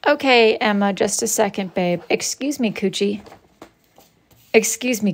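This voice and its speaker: A woman hosting a casual live stream, making quick teasing asides to viewers. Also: mid-range voice. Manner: quick asides, teasing and mildly annoyed with commenters. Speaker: live-stream host, wood-burning artist.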